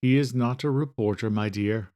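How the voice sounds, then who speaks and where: A man voicing a calm, courteous male employer who talks gently and reassuringly. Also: medium pitch, normal speed, lightly acted.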